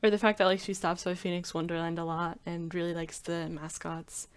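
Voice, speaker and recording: A woman's voice: fairly low pitch, little pitch movement, fairly quick, clean tone. A woman rambling casually in a commentary video, filling her talk with frequent "like"s. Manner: rambling, heavy use of "like" fillers. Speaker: video creator.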